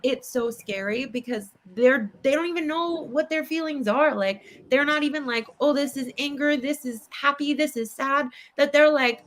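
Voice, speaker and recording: Bright young therapist woman, kinda high voice, gets animated acting out kids. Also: normal speed, hardly any pauses. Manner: animated, acts out kids' voices with laughs. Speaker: child therapist, guest. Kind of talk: casual interview talk.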